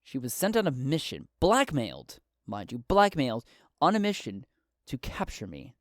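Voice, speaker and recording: A man voicing a composed male official on the run, speaking calmly and quietly in a solo tabletop game. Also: medium pitch, dry recording, studio quality. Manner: calm, measured, quiet.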